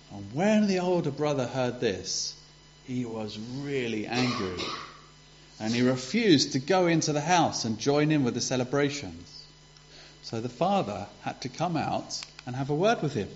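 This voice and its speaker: A preacher with a medium-pitched, darkish voice delivers a children's talk, retelling a parable conversationally for the congregation. He throws in rhetorical questions, and the recording sounds dull and lo-fi.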